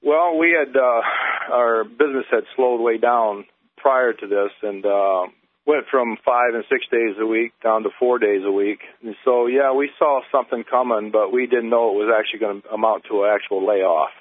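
An older man calling in, telling his story haltingly with many pauses and fillers. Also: mid-range voice, dry recording. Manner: halting, many uh and um, gets emotional. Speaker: caller. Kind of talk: phone-in testimony. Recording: tinny phone line.

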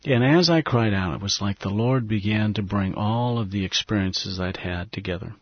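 A missionary guest in an interview tells an earnest, emotional personal story, his lowish, husky voice dropping to a hushed, breathy tone at tender moments. He speaks at normal speed, and the dry, slightly dull recording sounds lo-fi with no echo.

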